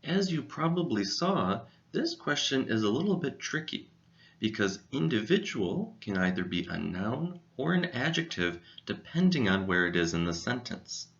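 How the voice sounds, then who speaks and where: A man presenting a scripted English vocabulary lesson, speaking clearly and deliberately and sounding out each syllable. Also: mid-range voice, big pitch swings, fairly bright tone, dull audio. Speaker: English teacher.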